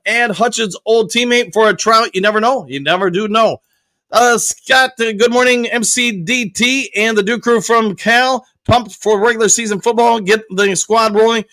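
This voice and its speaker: Upbeat high bright-voiced male host. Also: normal speed. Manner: upbeat, chatty, throws in loud whoops. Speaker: show host. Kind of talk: casual livestream chat, reading viewer comments.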